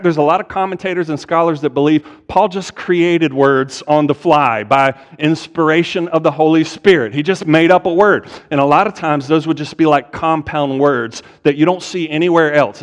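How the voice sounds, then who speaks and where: A male pastor teaching a sermon, explaining step by step and asking his listeners rhetorical questions. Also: a little high. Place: church sanctuary. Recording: long hall reverb.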